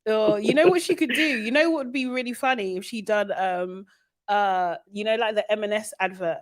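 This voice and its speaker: A woman's voice: medium pitch, normal speed. Giggly woman hosting a live show. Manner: laughs often and pleads with viewers. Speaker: co-host of a live review show. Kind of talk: casual live-stream chat.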